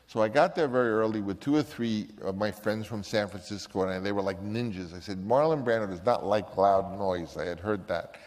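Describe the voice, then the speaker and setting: An older man with a lowish voice tells a story in an animated way, now and then slipping into other people's voices. A long reverb trails after his words. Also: a little fast, few pauses. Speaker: filmmaker recounting a story. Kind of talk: anecdotal storytelling.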